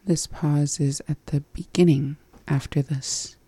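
A learner in a language lesson, echoing words back softly. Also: mid-range voice, steady tone, measured pace, breathy edge. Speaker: co-host and learner.

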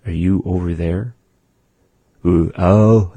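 A man teaching a language lesson in a slow, measured way, with many pauses and fillers. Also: deep voice, steady tone, dark tone, husky, dry recording.

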